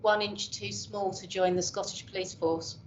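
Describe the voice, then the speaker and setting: Here a professor from England, a woman in her fifties, chats openly and pokes fun at herself while reflecting in a relaxed interview. Her medium-pitched voice holds a steady tone at a moderate pace. The recording is dull and lo-fi, with a little hiss or hum.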